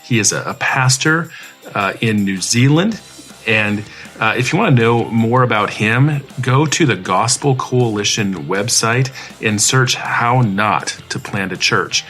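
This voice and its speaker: A male podcast host opens the show and questions his guest, stumbling over his words with plenty of "uh"s. His low-pitched voice has a bright, sharp edge. Faint guitar music plays behind him. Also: animated. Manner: halting, with many "uh"s and repeated words. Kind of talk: podcast interview hosting.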